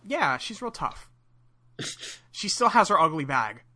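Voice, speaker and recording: A podcast co-host in casual chat, retelling a cartoon episode in an animated way and laughing often. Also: mid-range voice, measured pace. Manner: animated storyteller, laughs often, retells scenes with quoted voices.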